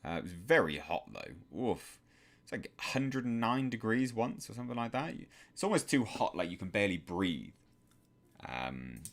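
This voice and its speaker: Young english guy hosting a live stream, deep-ish voice, swings around a lot, reads chat out slow and thoughtful. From England. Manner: calm, measured, reads out viewer messages. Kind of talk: live chat reading and answering.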